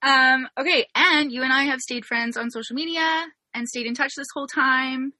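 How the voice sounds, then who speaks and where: A woman's voice: high voice, moderate pace, bright, forceful tone, no echo. A young Canadian woman hosting a podcast, telling a story in a bubbly, giggly way. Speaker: podcast host. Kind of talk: casual interview chat.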